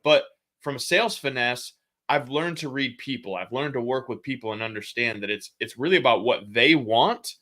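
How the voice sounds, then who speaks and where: A man in his thirties talks as a podcast guest, telling candid stories in easy, slangy speech. His voice is bright and forceful, sitting at an ordinary pitch. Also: normal speed. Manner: candid, storytelling, casual slang. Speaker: podcast guest, sales coach. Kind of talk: casual interview chat.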